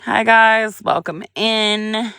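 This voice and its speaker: A woman's voice: on the high side, steady tone, drawn-out words, sharp tone, clear, resonant tone, no room sound, studio quality. A young woman hosting a casual livestream, chatting with viewers in a drawling, chatty way and humming to herself between remarks. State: pregnant. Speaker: livestream host.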